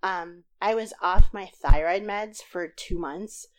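A podcast host reads her own short story aloud, recording into a tablet while lying in bed. She is getting over a sinus infection. Her reading is lively and expressive, and she puts extra force into the dialogue. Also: on the low side, slow. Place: in bed at home. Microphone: tablet recording app.

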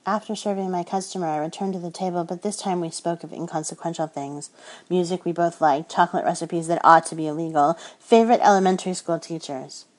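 A woman narrating a first-person romance audiobook in a soft, intimate storytelling manner. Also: fairly low pitch, fairly even intonation, fairly quick, low-quality recording.

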